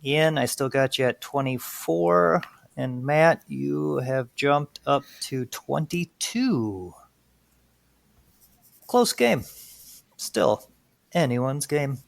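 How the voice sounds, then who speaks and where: Teasing trivia host, dry sound. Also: male voice, medium pitch, animated, very slow, vocal fry, long pauses, no echo. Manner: playful, teasing. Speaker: quiz host. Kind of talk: hosting a trivia game podcast.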